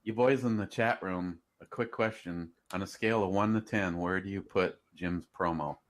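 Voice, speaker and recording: A man co-hosting a casual online radio chat, greeting listeners with dry, deadpan teasing. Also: sits low, moderate pace. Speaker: co-host.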